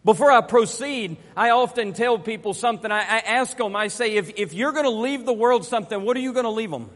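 A middle-aged man delivers a sermon as a pastor, his voice sitting noticeably high. He speaks earnestly, circles back to repeat his questions, and climbs to forceful emphasis. The sound carries the long reverb of a church hall. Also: fairly quick. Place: church sanctuary.

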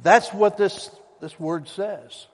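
A man's voice: sits high, takes it slowly. A male pastor preaching a sermon to his congregation in an emphatic, folksy storytelling manner. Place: church sanctuary. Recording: long reverb of a church hall.

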